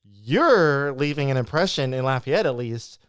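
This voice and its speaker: A man's voice: medium pitch, lively intonation, measured pace, clear, resonant tone, no echo, clean studio sound. A man hosting a live podcast interview, chatting casually and rambling, with lots of restarts and acted-out quotes. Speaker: podcast host.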